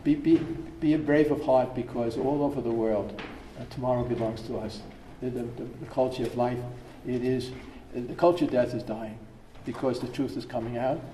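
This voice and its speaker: Earnest priest in an echoey hall. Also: male voice, mid-range voice, steady tone, moderate pace, few pauses, dark tone, recorded from a distance, slight background noise. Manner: earnest, with repeated phrases and restarts. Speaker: priest giving a workshop talk. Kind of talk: storytelling talk to an audience.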